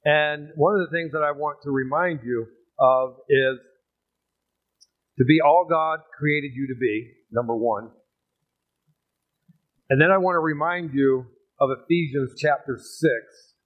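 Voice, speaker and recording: A man preaching a sermon in an energetic, joking way, often asking the crowd "amen" and "right". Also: mid-range voice, measured pace, pauses often. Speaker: pastor. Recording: tinny phone-like sound.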